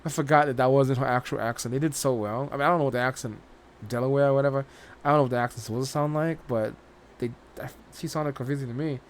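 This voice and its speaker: A man's voice: medium pitch, steady tone, quick pace. A man hosting a reaction channel, giving a rambling, casual spoken review, often restarting his sentences and swearing now and then.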